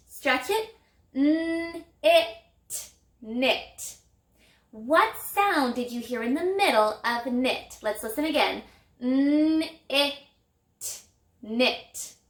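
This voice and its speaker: Slow, patient woman teaching phonics. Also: on the high side, fairly bright tone. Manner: patient, encouraging, stretches out vowel sounds. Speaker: elementary reading teacher. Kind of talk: slow, clear phonics lesson for young children. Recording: echoey room.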